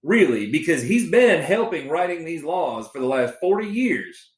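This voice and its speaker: A man's voice: on the high side, moderate pace, roomy sound, low-quality recording. A Texan man co-hosting a podcast, ranting about politics with lots of swearing and stumbling restarts. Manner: animated, profane, many restarts. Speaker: podcast co-host. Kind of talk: casual political rant.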